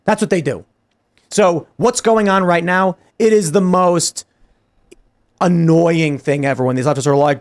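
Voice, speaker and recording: Emphatic higher-voiced man hosting. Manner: emphatic, rapid, argumentative. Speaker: host. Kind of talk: casual political chat.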